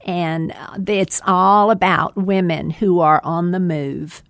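A woman's voice: on the low side, fairly even intonation, takes it slowly, no echo. A woman guest on a podcast giving folksy, emphatic advice about making connections. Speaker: guest, women's ministry leader. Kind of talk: podcast interview.

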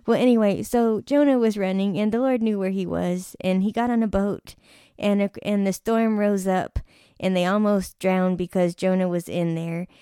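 A woman hosting a casual faith conversation with her mother. She tells stories in an animated way and laughs often. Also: medium pitch, normal speed, clean tone, dry recording, studio quality. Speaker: host interviewing her mother.

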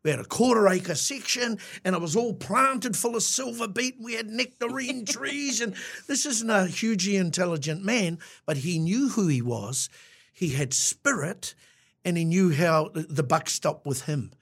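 Husky New Zealand man telling stories. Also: high-pitched, moderate pace, fairly bright tone. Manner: reflective storyteller, many restarts, eh tags. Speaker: podcast co-host. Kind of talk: casual chat.

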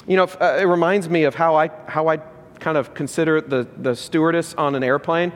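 A high-pitched man preaching from the pulpit, hammering his points home with repetition and questions to the congregation. His voice rings through a reverberant church hall. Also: fairly even intonation, fairly quick. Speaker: pastor. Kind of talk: sermon.

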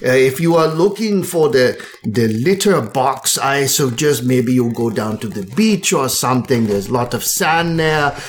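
A man's voice: mid-range voice, animated, measured pace, few pauses, lightly acted. A man voicing an indignant, fussy male bartender who blusters and then pleads in a tabletop game. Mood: flustered pleading.

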